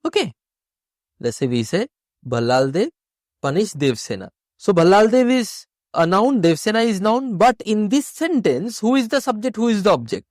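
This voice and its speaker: A man's voice: high-pitched, big pitch swings, normal speed, a little mellow, no echo, studio quality. A man teaching an exam-prep grammar lesson, explaining step by step and asking and answering his own questions.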